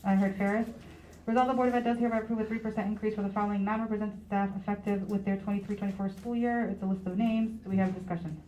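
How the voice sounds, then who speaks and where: A woman chairing a public school board meeting, briskly reading resolutions and calling the roll for votes. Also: mid-range voice, fairly even intonation, mellow, muffled recording. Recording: echoey meeting room with room noise.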